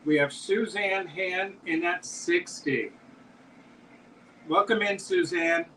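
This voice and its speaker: A man's voice: high-pitched, slow, pushed and bright, far from the mic, a little hiss or hum, rough recording. A man hosting a live-stream jewelry auction, chatting as he describes pieces and calls out bids. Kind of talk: live auction selling chat.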